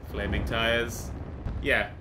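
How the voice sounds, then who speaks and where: A man's voice: mid-range voice, little pitch movement, slow pace, pushed and bright, slight background noise. A man giving jumpy, self-talking commentary while playing a game, swearing often. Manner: jumpy, swearing, talks to himself. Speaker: gaming channel host. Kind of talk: let's play commentary.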